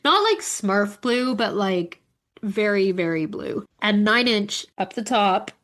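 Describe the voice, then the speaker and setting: A woman's voice: medium pitch, expressive, slow, a bit bright. A woman co-hosting a podcast, telling a story in casual chat, laughing often and swearing freely. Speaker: podcast co-host.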